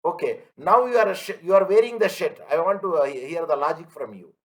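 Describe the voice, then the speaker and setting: A man's voice: a little high, expressive, fairly quick, low-quality recording. A man teaching an online class, repeating his points and asking students if they follow. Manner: everyday analogies, emphatic. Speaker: lecturer.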